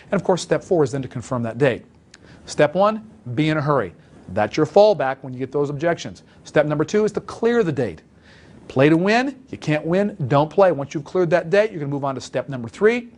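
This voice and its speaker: Fairly quick and animated, with a slightly high pitch and darkish tone, a man coaches listeners on sales calls. The sales trainer talks emphatically and acts out example calls in this instructional talk.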